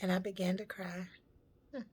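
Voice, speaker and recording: A woman's voice: mid-range voice, flat delivery, moderate pace, darkish tone, breathy edge. A woman vlogger telling a personal story in a heartfelt, reflective and emotional way.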